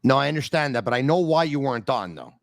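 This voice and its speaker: A man's voice: mid-range voice, animated, fast, gravelly, no room sound. A man hosting a hockey podcast, reading ads and talking straight to listeners with an emphatic, upbeat manner. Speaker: podcast host. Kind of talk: energetic podcast hosting and ad reads.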